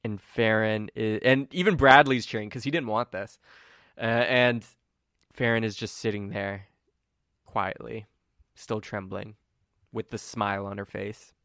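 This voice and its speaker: A man runs a tabletop game, his voice low and smooth. The sound is dry and close, and he narrates in a loose, easygoing way, full of ums and uhs. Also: measured pace, dry recording. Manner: relaxed storytelling with many fillers. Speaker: game master.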